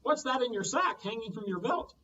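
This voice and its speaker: Man doing a squeaky chattering monkey. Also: sing-song, a little fast, bright, forceful tone, recorded from a distance, dull audio, slight background noise, exaggerated voice. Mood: excited.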